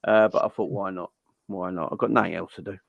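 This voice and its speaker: A young man hosting a casual football fan livestream, chatty and giving shout-outs to viewers. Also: deep voice, steady tone, fast, vocal fry, dry recording, highs cut off.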